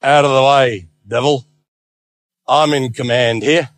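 A man voicing a calm, commanding male savior who speaks with solemn authority. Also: medium pitch, measured pace, dry recording, lightly acted.

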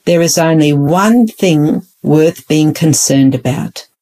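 A woman voicing a gentle, kind male teacher who speaks slowly and softly. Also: on the low side. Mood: tender.

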